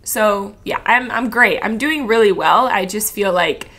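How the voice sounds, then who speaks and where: A woman's voice: medium pitch, measured pace, fairly bright tone. A woman in her twenties from Florida, a podcast guest in a candid chat, rambling and emotional with lots of "like". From Florida, USA. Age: 20s. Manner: rambling and emotional, heavy use of "like".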